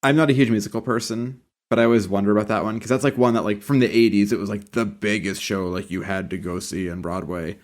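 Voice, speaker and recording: Fast-talking, lower-voiced man rambling. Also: fairly even intonation. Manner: rambling, many filler likes. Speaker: podcast co-host. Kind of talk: casual chat.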